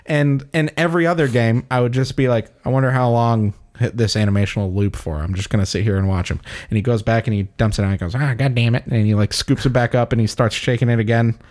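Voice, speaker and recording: A man in relaxed, casual conversation, describing a moment from a game he has played. He chuckles as he goes and slips into brief impressions of its characters. His voice sits at an average pitch for a man. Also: quick pace. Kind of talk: casual gaming chat.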